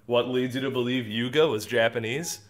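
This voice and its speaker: A man's voice: medium pitch, fairly even intonation, fairly quick. A young man giving casual gameplay commentary, goofy and rambling, laughing at his own jokes. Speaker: gaming commentator.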